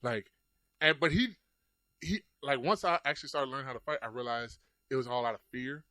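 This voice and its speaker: A man's voice: mid-range voice, brisk, dry recording. A man hosting a casual chat, telling a sparring story with heavy swearing and acted-out lines. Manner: animated storytelling, acts out his own past lines, swears often. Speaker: host.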